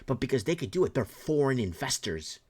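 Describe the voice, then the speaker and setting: A man's voice: medium pitch, very animated, brisk, darkish tone, husky. A middle-aged man, commenting in an impassioned rant, indignant and heated with frequent restarts. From Canada.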